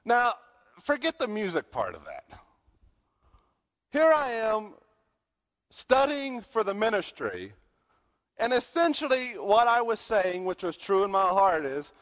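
Animated high-voiced male preacher. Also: measured pace, long pauses, big-room sound, muffled recording. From American South. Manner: animated preaching, swings between loud and quiet. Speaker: pastor. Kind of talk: sermon.

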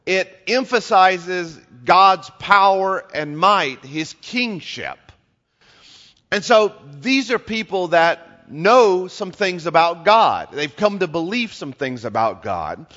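A man's voice: sits high, expressive, slow pace, pushed and bright, big-room sound, highs cut off. A man preaching a sermon, explaining scripture and leaning hard on repeated words for emphasis. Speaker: pastor.

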